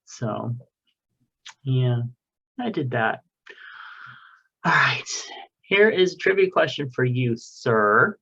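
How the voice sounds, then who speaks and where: Slow, rambling podcast host guy. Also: medium pitch, expressive, creaky, sharp tone, breathy edge, lo-fi sound. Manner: rambling, loose, joking, swears casually. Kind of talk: casual podcast chat, reading listener mail.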